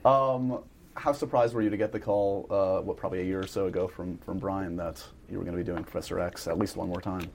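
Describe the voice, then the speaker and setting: A man's voice: low voice, fairly even intonation, vocal fry, darkish tone, slight background noise. Chatty male interviewer. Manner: chatty, quick affirmations. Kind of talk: casual interview chat.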